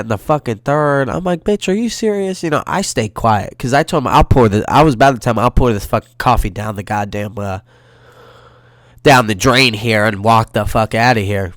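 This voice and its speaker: A man's voice: mid-range voice, no room sound, studio quality. Profane ranting young man, stuffy nose. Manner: profane, heated ranting with sudden loud outbursts. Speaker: podcast host. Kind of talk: solo ranting podcast. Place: his bedroom.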